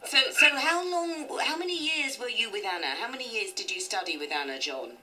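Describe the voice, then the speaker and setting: A woman hosting a radio talk show, lively, gushing and quick to laugh and get emotional. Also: fairly high pitch. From Britain. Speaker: radio presenter. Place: radio studio.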